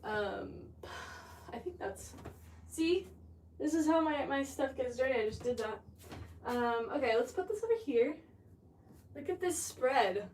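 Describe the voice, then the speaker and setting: A woman ceramic artist talks casually and a bit scatterbrained to her livestream viewers while she works. Her voice sits a little high and comes from some distance off the mic. Clear noise hums behind her in the studio. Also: lively intonation, a little slow, long pauses, a little mellow. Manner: chatty, scattered, talks to chat while working. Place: pottery studio.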